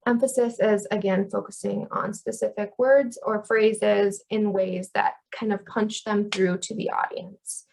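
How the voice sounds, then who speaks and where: Gravelly-voiced woman teaching a lesson. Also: mid-range voice, little pitch movement, unhurried, few pauses, low-quality recording. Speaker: communication instructor. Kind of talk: educational video lecture.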